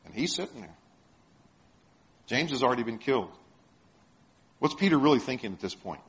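A man's voice: medium pitch, big pitch swings, moderate pace. A man preaching a sermon, retelling stories and putting questions to the congregation. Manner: storytelling, asks the congregation questions. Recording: dull lo-fi sound.

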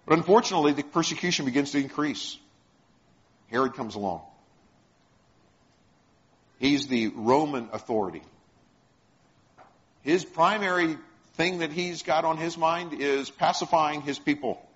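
Man, preacher, sermon, storytelling, asks questions, slightly high voice, muffled lo-fi recording. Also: unhurried, pauses often, fairly bright tone. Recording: dull lo-fi sound.

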